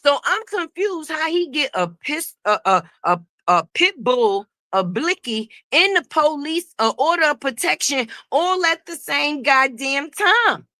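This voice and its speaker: A woman hosting a casual gossip commentary stream, profane and animated, talking straight to her viewers. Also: high voice, unhurried, hardly any pauses, dry recording, clean studio sound. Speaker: host.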